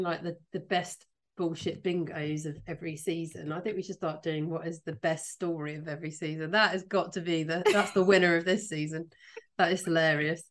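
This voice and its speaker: A woman's voice: lowish voice, a bit bright. A woman co-hosting a podcast in casual chat, reacting with enthusiasm and laughing readily. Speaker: podcast co-host.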